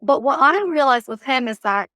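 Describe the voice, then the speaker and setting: A woman's voice: sits high, normal speed, no echo, clean studio sound. A woman giving relationship advice in a casual interview, playful and lighthearted, acting out what people say. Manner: lively, acts out quoted lines. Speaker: relationship coach guest.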